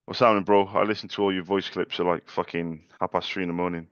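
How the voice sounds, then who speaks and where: A man's voice: low voice, level tone, fast talker, smooth, no echo, lo-fi sound. A young man making sales calls and chatting casually to camera, polite and chatty, with frequent stammered restarts. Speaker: small business owner making sales calls. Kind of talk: casual vlog with live phone calls.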